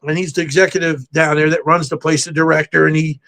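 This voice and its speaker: An older man, a podcast guest, telling stories in a brisk, self-assured way. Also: fairly high pitch, flat delivery, creaky, a bit bright. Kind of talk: casual podcast chat. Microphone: home setup with a backdrop.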